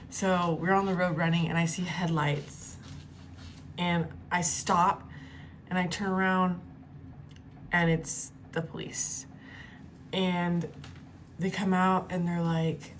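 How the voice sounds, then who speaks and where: A woman vlogger telling a personal story in a casual, animated way, cursing freely and acting out the quotes. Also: fairly low pitch, slow, pauses often, a little hiss or hum. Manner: animated, profane, acts out the quotes.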